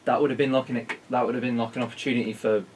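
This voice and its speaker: A man's voice: mid-range voice, far from the mic, a little hiss or hum, poor audio. A young man, chatting animatedly on a podcast, packed with "like". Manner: animated, quick, full of "like". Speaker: podcast co-host. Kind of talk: casual chat.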